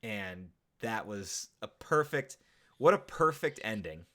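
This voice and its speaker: A man's voice: fairly low pitch, slow pace. A man co-hosting a casual podcast, recapping a film with lots of swearing, laughter and acted-out quotes. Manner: animated, swears a lot, acts out movie quotes. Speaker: podcast co-host. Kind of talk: casual chat.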